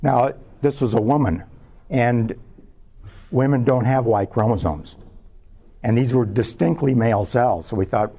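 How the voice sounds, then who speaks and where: A man, a scientist, giving a public talk as a measured personal story about his research. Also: mid-range voice, mellow, husky. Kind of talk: lecture told as a personal story.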